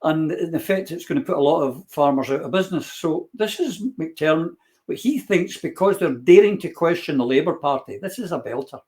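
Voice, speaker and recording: A man's voice: on the high side, brisk, darkish tone. Guy hosting a politics chat, blunt and sneery, trips over his words a lot. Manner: blunt, mocking, stumbles and restarts. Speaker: panel host. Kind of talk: political discussion.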